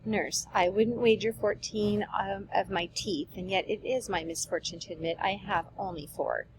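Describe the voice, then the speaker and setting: A woman's voice: mid-range voice, steady tone, normal speed, background noise, close to an everyday voice. Woman reading as a rambling old nurse. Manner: rambling, repeats herself. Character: talkative old female nurse, rambling and fond. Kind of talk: reading a play aloud.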